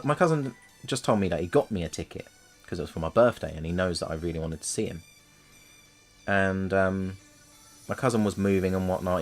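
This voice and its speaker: A man, chatting casually and jokingly while streaming himself painting miniatures. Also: low-pitched. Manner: chatty, jokey, rambling. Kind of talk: casual chat.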